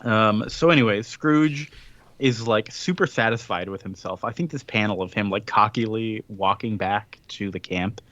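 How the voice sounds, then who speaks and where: A man co-hosting a casual podcast, retelling a comic story with quick put-on voices for the characters. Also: lowish voice, a bit bright, no room sound, muffled recording. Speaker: podcast co-host. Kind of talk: casual chat recapping a comic.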